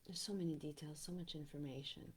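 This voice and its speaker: A woman vlogging in a casual, rambling monologue, often dropping to a breathy whisper and speaking bluntly with profanity. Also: sits low, steady tone, quick pace, slight background noise.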